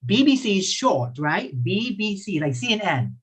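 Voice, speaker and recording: On a video call with a computer mic, a man whose first language is Thai teaches English in a British accent, keeping things playful with frequent chuckles and slow, repeated questions. His voice sits high, sing-song and a bit bright, with a breathy edge.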